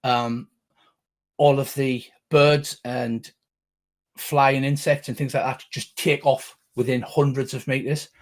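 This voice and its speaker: A man's voice: medium pitch, steady tone, slow pace. A middle-aged man narrating as game master, rambling with frequent restarts and casual swearing.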